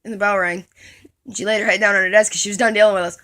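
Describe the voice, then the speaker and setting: A woman's voice: mid-range voice, steady tone, racing, fairly bright tone. A woman telling a comic story from her school days, rambling along and giggling at her own jokes.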